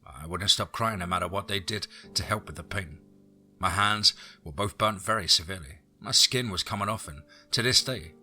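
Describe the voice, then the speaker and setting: Husky guy reading a spooky story, sharp bright voice, music low behind. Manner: steady, first-person storytelling. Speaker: narrator. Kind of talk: scripted horror story narration.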